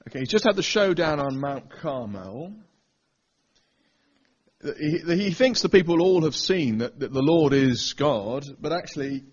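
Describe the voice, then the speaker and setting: A man's voice: mid-range voice, a little mellow, husky, highs cut off. A man preaching a Bible teaching sermon, pressing his listeners with rhetorical questions. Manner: asks the audience rhetorical questions.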